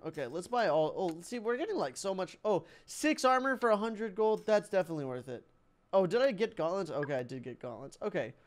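A young man giving excitable let's-play commentary, thinking aloud and laughing as he plays. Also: sits high. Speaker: gaming YouTuber.

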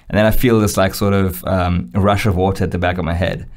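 Young man, low-ish voice, podcast co-host, casual storytelling, animated, laughs a lot. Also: fast talker, creaky, few pauses. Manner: animated storyteller, acts out quotes, laughs often.

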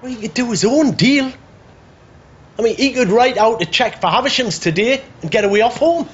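An actor playing a decent, worried working-class builder in a television drama. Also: male voice, very high-pitched, fairly quick, highs cut off. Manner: earnest, worried.

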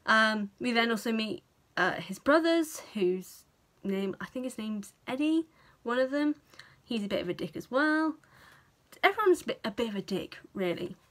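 A young British woman giving a casual film review to camera, chatty and animated, swearing freely and acting out the characters' reactions. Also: on the high side, moderate pace. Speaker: vlogger.

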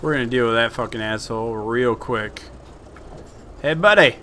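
Young male gamer, mid-pitched and bright, cursing and joking through a match. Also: a little fast, a little hiss or hum. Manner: profane, excitable, joking. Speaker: gameplay commentator. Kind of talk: casual gameplay commentary.

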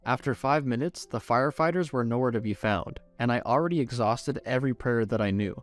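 A man's voice: mid-range voice, brisk, faint music behind. A man reading a romance story aloud as first-person scripted narration. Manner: expressive storytelling.

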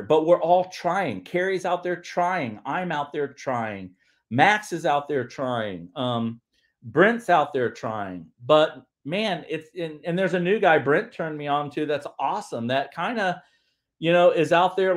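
A man hosting a casual livestream, talking in a rambling way with lots of restarts and fillers. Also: fairly high pitch. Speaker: livestream host.

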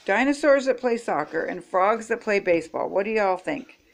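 A woman's voice: mid-range voice, creaky. An older woman reading picture books aloud expressively, stopping to chat with young viewers. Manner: slow, expressive, chatty asides to young viewers. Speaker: storybook reader.

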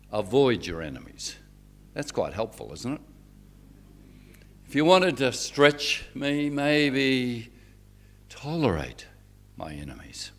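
A man, a reverend giving a public lecture with stories and rhetorical questions. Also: lowish voice. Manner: lively storyteller, rhetorical questions.

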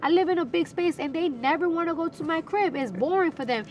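A young woman with a New York accent, chatting as an interview guest, emphatic and animated, with quick bursts of slang. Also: very high-pitched, a little hiss or hum. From New York City. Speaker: interview guest, recording artist. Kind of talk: casual interview chat.

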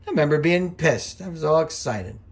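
A man's voice: fairly high pitch, expressive. A middle-aged man, a former wrestling referee, giving casual, rambling commentary over old match footage and swearing freely as he gets worked up. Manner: rambling, chatty, profane, quick to get worked up.

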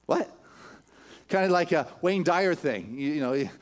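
A man's voice: on the high side, animated, moderate pace. A man giving a sermon in a church, retelling a story with casual fillers and building emphatic repetitions. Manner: casual, filler-heavy delivery with chuckles. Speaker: spiritual leader. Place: church sanctuary.

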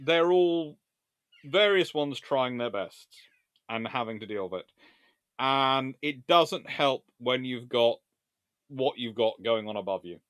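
A man hosting a live-stream history lecture, telling his story in an animated, theatrical way. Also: medium pitch, takes it slowly, dry recording, clean studio sound. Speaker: naval historian host.

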